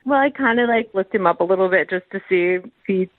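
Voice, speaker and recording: A woman's voice: mid-range voice, quick pace, no room sound. Chatty lady on the phone, tinny and dry. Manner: chatty, casual. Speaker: caller. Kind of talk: phone call on radio.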